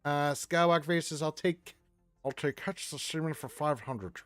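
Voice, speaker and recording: A man's voice: on the high side, normal speed, a bit bright, no echo, soft background music. A man hosting a casual gaming livestream, reading viewer messages aloud with playful asides and the odd pirate voice. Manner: drops into a growly pirate voice. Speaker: livestream host.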